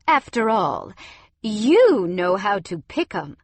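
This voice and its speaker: A woman's voice: medium pitch, very animated, slow pace, dry recording, heavily acted. A woman voicing a scornful middle-aged mother-in-law in an audiobook, cutting and sneering.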